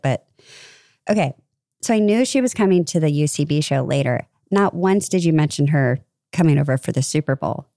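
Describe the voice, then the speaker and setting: A woman's voice: low voice, mellow, no room sound, clean studio sound. A woman co-hosting a casual chat, rambling and cutting herself off mid-sentence. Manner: rambling, self-interrupting. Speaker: podcast co-host.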